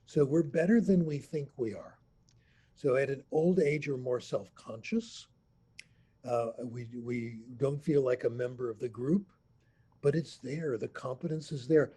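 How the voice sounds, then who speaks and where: Mellow-voiced man in his eighties. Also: a little high, breathy edge. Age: 80s. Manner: unhurried anecdotal storyteller, lively emphasis. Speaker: language professor, interview guest. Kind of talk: storytelling interview answer. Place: remote video call. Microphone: computer mic on a video call.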